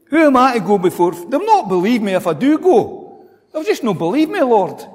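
A preacher putting on a fretful pleading prophet. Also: male voice, very animated, moderate pace. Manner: protesting, higher and pleading. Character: fearful reluctant male prophet pleading with God. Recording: long hall reverb.

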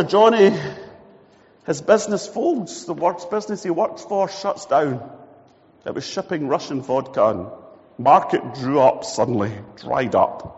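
A man preaching a sermon, telling a story and acting out each character's voice. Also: medium pitch. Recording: dull recording with long hall reverb.

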